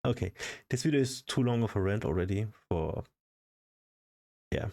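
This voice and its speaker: A man with a low, mellow voice rants into his vlog in a loose, casual way. He swears freely and sounds fed up. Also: animated, moderate pace, vocal fry. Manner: frustrated, profane ranting. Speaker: vlogger.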